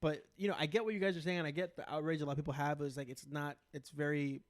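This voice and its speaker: A man co-hosting a casual podcast, telling stories in an animated, profane way. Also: a little high, fast talker, dry recording. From United States. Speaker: podcast co-host. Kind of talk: casual chat.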